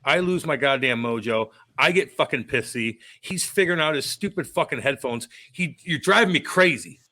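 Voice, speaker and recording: A man's voice: mid-range voice, lively intonation, moderate pace, sharp tone. A man co-hosting a podcast, ranting and swearing in a worked-up casual chat. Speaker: podcast co-host.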